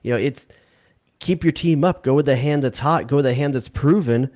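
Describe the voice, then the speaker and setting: A man's voice: medium pitch, fairly quick, a little mellow. A man co-hosting a soccer podcast, talking casually and with slang, often stammering and repeating words. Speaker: podcast co-host. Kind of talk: casual sports debate.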